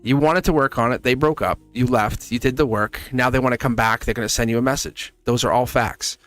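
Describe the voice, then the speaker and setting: A man's voice: mid-range voice, fairly even intonation, a little fast, fairly bright tone, dry recording, soft background music. Chatty, reassuring male tarot reader. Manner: chatty and reassuring, often asks "see?" and chuckles. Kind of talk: casual tarot reading to camera.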